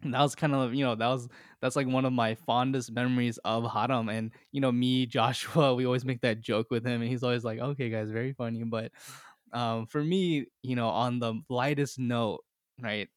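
A man's voice: mid-range voice, fairly even intonation, normal speed, dry recording. A young man hosts a podcast over a call and tells a story in loose, casual chat. He laughs often as he talks, in a mid-range voice. The sound is close and dry, with no room around it. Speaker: podcast host. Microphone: call recording.

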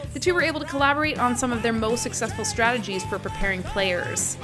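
A woman reading a scripted, upbeat podcast introduction. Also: fairly high pitch. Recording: music behind the voice.

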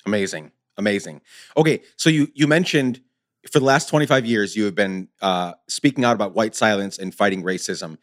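A man's voice: fairly low pitch, fairly quick, fairly bright tone. A man hosting an interview, framing questions in a loose, conversational way. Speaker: interview host.

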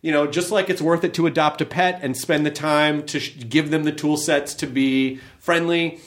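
Man, podcast banter, emphatic joking storyteller, slightly higher voice. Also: moderate pace. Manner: animated, joking and profane. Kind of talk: casual podcast chat.

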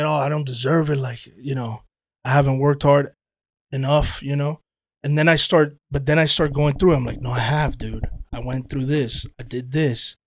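A man chatting casually as a podcast guest, telling animated stories, swearing freely and calling people "dude". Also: on the high side, no room sound, clean studio sound. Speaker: guest, actor and playwright.

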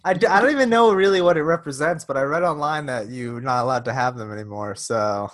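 A man's voice: medium pitch, fast, a bit bright. A man chatting casually as a podcast host, telling rambling, self-deprecating stories. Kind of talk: casual comedic chat.

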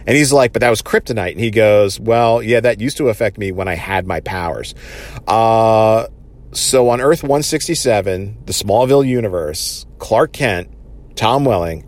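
A man casually recapping a TV episode, enthusiastic and rambling, with many fillers. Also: mid-range voice.

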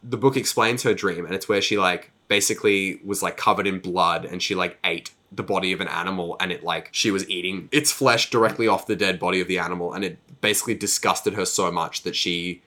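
A man's voice: low-pitched, a little fast, hardly any pauses, sharp tone. A man in a casual podcast chat, recapping a book in a rambling, profane way, full of fillers and mock voices for characters. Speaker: podcast co-host.

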